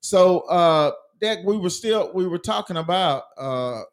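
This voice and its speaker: A man's voice: high voice, lively intonation, a little slow. Laid-back man talking sports. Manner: laid-back, rambling, with many fillers. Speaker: podcast co-host. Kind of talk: casual sports chat.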